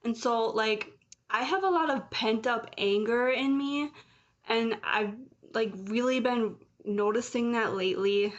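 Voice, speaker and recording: Speaking a little slowly in a fairly high voice, this late-thirties woman vlogs about something personal. Her delivery is raw, emotional and confessional, and anger flares up at moments. Audio quality is dull and lo-fi.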